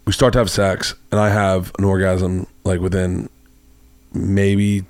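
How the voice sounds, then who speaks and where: A man's voice: deep voice, level tone, unhurried, a little mellow, dry recording. A man hosting a podcast, telling a long, rambling anecdote in casual chat and acting out the voices of the people in it. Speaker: podcast host. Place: home studio room.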